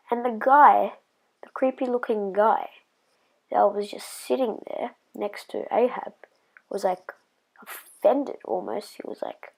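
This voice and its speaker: A woman's voice: medium pitch, a little slow, vocal fry, long pauses, a little mellow, low-quality recording. A woman telling a personal story in a casual vlog, rambling and hesitant with lots of fillers, sometimes dropping to a whisper.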